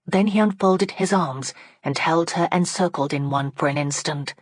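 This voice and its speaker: A woman narrating an audiobook in a steady, dramatic storytelling manner on a close microphone. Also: deep voice, moderate pace, dry recording. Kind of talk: scripted narration.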